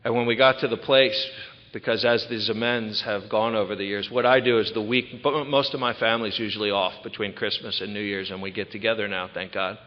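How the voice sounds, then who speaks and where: A man's voice: on the low side, fairly even intonation, a little fast. Man, 30s, recovery speaker; frank storytelling, dull lo-fi hall recording. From Ocean City, Maryland. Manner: candid, conversational storytelling. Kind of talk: personal testimony talk. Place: large event hall. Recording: echoey hall, dull lo-fi sound.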